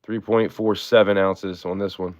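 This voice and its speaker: A man's voice: lowish voice, little pitch movement, moderate pace. A man hosting a live-stream auction, chatting in a laid-back way and thanking his viewers often.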